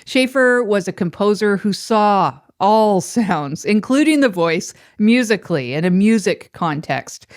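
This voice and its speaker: A middle-aged woman hosting an educational podcast, explaining clearly and measuredly with casual fillers. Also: mid-range voice, no room sound, studio quality. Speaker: podcast host.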